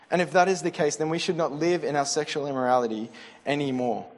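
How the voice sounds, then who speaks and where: A young man preaches in an earnest, conversational way, often breaking off and restarting his sentences. His voice sits a little high for a man. It rings out with the long reverb of a hall. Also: steady tone, fast. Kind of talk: sermon.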